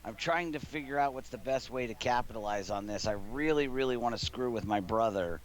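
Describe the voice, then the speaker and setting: A man's voice: medium pitch, fairly quick, a loud crowd. Rambling, laughing man telling a long story. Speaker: gaming streamer. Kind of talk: casual stream chat, storytelling. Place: living room at home.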